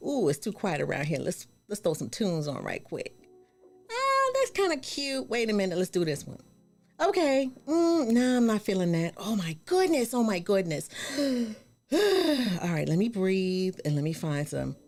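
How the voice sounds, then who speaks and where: A woman's voice: mid-range voice, very animated, unhurried, a little mellow, faint music behind. A woman hosting a live tutorial stream, greeting viewers in a bubbly, effusive, slangy way and repeating her exclamations. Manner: slangy and playful.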